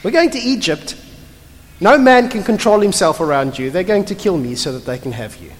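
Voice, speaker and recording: A preacher voicing a scheming ancient patriarch who flatters his wife to get his way. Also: medium pitch, a little fast, long reverb tail, natural voice. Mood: flattering. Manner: flattering, wheedling. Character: scheming ancient patriarch husband, smooth-talking.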